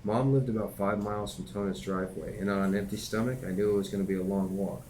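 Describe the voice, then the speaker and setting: Low-voiced man reading his memoir. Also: fairly even intonation, fast, darkish tone, slight background noise, rough recording. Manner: plain conversational delivery with occasional slips and asides. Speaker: author reading his own book.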